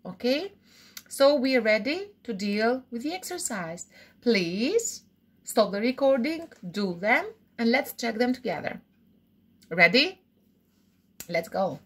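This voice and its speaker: A woman walks through English grammar, her fairly high voice rising and falling in a lively way. She explains slowly and repeats each example, often checking in with an "okay?". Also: slightly rough. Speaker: English teacher. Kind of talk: recorded grammar lesson.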